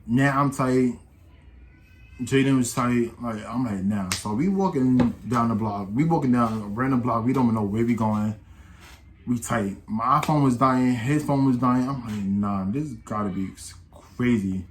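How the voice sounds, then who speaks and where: Young guy rambling thru a storytime, slangy, mid pitch, gets hyped on the quotes. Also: a little slow, slight background noise. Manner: slangy, animated when quoting others. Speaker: storytime vlogger. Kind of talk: casual storytelling.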